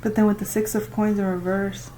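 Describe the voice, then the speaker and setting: A woman doing a casual tarot reading, talking to the listener and reacting out loud with exclamations as she turns the cards. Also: medium pitch, flat delivery, brisk, slight background noise, low-quality recording. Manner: chatty, exclaims and laughs while reading cards. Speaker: tarot reader.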